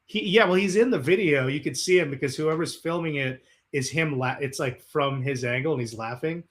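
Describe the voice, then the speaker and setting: A man's voice: fairly high pitch, a little fast. A man being interviewed as a guest musician, telling stories casually with lots of swearing and acted-out quotes. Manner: animated, profane, acts out the quotes in his stories.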